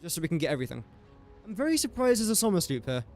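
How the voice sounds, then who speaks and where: A man's voice: high voice, big pitch swings, very fast, darkish tone, faint music behind. A young English man casually thinking aloud while streaming a building game and chatting to viewers. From England. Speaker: gaming streamer. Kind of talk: casual live-stream commentary.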